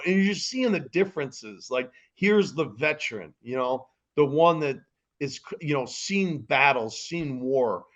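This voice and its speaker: A man co-hosting a casual podcast chat, animated and acting out the scenes he retells. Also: medium pitch, dull audio. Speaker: podcast co-host.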